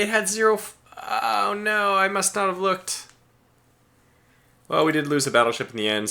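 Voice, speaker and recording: Guy streaming a naval game, lowish voice, bright and forward tone, chatty, gets worked up and talks at his ships. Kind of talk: live gameplay commentary.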